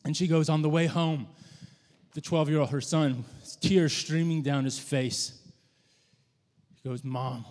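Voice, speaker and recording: A man preaching a sermon, telling a story in a conversational, halting way with frequent restarts. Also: on the high side, steady tone, darkish tone. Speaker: pastor. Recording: long hall reverb.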